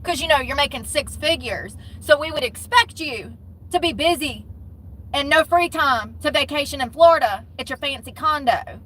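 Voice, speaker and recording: A woman's voice: sits high, moderate pace, sharp tone, poor audio. A woman giving casual commentary on the news in a blunt, profane, mocking way. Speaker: commentary vlogger.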